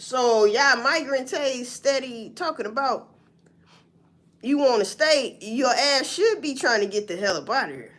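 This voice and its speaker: A woman's voice: high-pitched, a little slow. A woman hosting a live stream, reading news items aloud and reacting with profane, mocking commentary. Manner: animated and profane, mocking news quotes, laughing, swinging from loud to mutter. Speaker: livestream host.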